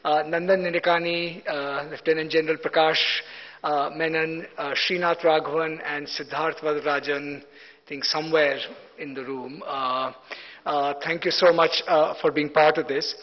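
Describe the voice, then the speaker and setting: An Indian man moderates a panel in a large hotel hall, polite and full of hesitations. His voice sits somewhat high. The recording is dull and heavy with long reverb. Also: level tone, moderate pace. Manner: hesitant, many fillers, polite.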